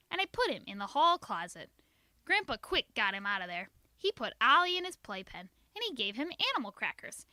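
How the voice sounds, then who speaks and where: A woman reading a children's book aloud in an expressive, sing-song storytelling manner. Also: on the high side, no room sound. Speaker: reader.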